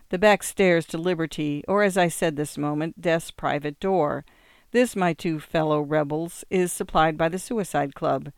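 A man reads out a bitter young man in despair, his lines rising with feverish intensity. The voice is smooth and resonant. The sound is dry and close. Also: a little high, dry recording, close to an everyday voice. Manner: intense, rising theatrical delivery.

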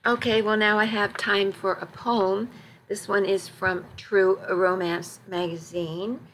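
Woman reading stories aloud for a radio program; leisurely, careful delivery, mid-pitched voice. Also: little pitch movement, fairly bright tone, slight background noise, poor audio. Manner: unhurried, careful reading with small slips and corrections. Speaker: volunteer radio reader.

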